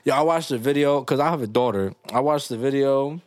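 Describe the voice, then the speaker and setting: A young man hosting a casual podcast, reacting to listener stories with loud bursts of laughter. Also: medium pitch, fairly quick, dry recording. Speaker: podcast host.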